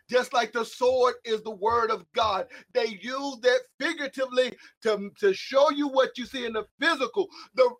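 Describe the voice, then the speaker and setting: A man with a very high voice delivers a fiery sermon. He drops to quiet asides, then climbs into shouted points, preaching hard to his congregation. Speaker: pastor.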